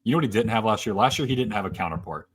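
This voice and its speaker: Deep-voiced man rattling off football stats. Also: animated, very fast, husky. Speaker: podcast co-host. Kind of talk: casual sports podcast talk.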